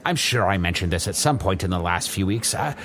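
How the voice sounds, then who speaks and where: A man's voice: deep voice, lively intonation, brisk, fairly bright tone. A man playing a tabletop game in character as a wizard, exasperated and theatrical. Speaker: player.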